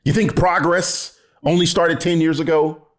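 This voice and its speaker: A man's voice: on the high side, steady tone, unhurried. A man reacting to a video, sarcastic and exasperated, swearing often and laughing in disbelief. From United States. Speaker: commentary youtuber reacting to a video. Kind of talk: reaction commentary, casual and profane.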